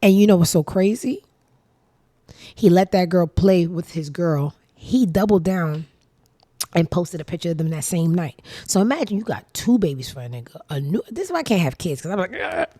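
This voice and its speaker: A woman's voice: lowish voice, lively intonation, moderate pace, dark tone, dry recording. A woman hosting her own show, giving casual gossip commentary in a blunt, sassy, profane way. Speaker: show host.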